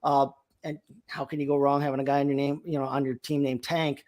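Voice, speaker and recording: A man hosting a fantasy football show, leading the casual chat with energetic questions and opinions. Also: mid-range voice, brisk. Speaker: show host.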